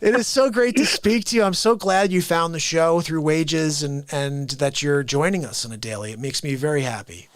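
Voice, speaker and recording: Lively high-voiced man hosting a call-in. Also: normal speed, hardly any pauses, no room sound. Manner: animated, laughing, chatty. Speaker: host. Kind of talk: live call-in show chat.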